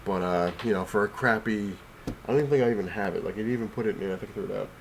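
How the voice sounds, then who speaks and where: A man's voice: lowish voice, racing, slight background noise. A man vlogging from his couch while sick and out of breath, rambling casually with many fillers and restarts. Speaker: comic collector vlogger. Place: home, on the couch.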